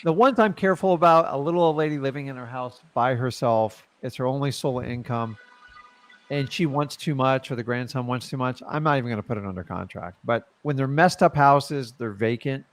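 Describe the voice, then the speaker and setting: A man hosting a casual real estate coaching chat, talking emphatically and pushing his points with sudden bursts of loudness. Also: medium pitch, brisk, hardly any pauses. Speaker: real estate investor and show host.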